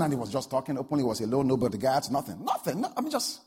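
Husky guy preaching, tells a story then gets loud and fired up, big echo in the hall. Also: mid-range voice, huge pitch swings, very fast. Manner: storytelling, builds to loud shouted peaks. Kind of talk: sermon. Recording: long hall reverb.

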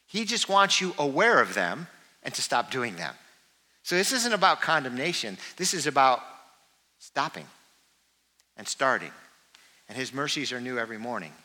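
A man preaching a sermon as pastor, earnest and moving between lifted calls and soft confiding asides. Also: medium pitch, very animated, normal speed, long pauses. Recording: hall reverb.

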